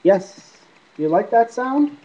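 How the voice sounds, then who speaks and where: A man's voice: sits high, sing-song, slow, dark tone. A man rambling casually to the camera in a paranormal app vlog, answering unseen spirits as he talks. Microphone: iPod camera mic. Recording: dull lo-fi iPod recording.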